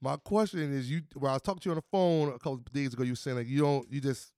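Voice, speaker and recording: A man hosting a podcast, telling stories in a casual, animated way, acting out what people said and swearing freely. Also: medium pitch, rapid-fire. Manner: animated, acts out quoted voices, swears freely. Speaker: podcast host. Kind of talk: casual storytelling chat.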